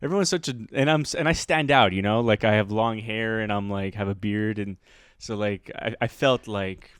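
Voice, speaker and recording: A man's voice: on the low side, normal speed, clean tone, dry recording. Laughing, rambling podcast guy, dry mic. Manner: rambling storytelling with lots of laughs and fillers. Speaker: podcast co-host, comedian. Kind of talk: casual chat.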